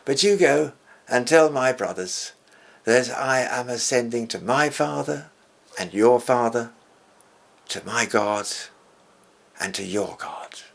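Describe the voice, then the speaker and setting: An older man voicing a calm, gentle adult man who speaks with tender authority, in his own gravelly, husky voice. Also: mid-range voice, slow, long pauses, exaggerated voice.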